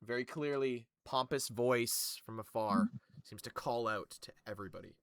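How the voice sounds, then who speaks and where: A man's voice: medium pitch, moderate pace, a bit bright, clean tone, no room sound. A man narrating as game master of a tabletop game, talking loosely and thinking aloud with fillers as he goes.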